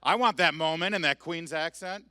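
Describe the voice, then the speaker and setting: Male emcee at a conference; bright, crisp, dry-miked voice, brisk and teasing. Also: fairly high pitch, no room sound. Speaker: event emcee. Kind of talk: stage announcement. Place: conference stage.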